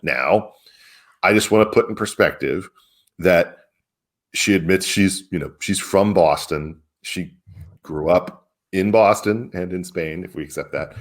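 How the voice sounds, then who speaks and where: Deep-voiced man in casual commentary. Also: measured pace. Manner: emphatic, incredulous, chuckling asides. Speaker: publisher and co-host. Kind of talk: casual political chat.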